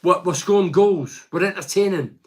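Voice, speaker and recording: An older man from Scotland talking casually about football as a pundit, reading out fan messages and rambling with lively asides. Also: high voice, moderate pace. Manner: animated, chatty, rambling with asides. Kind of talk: casual solo football commentary.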